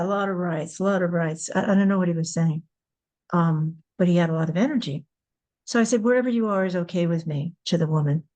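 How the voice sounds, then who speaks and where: An older woman hosting a podcast, telling a personal story candidly and acting out the dialogue with a rising, animated voice. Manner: animated, rising pitch when retelling dialogue. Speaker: podcast host.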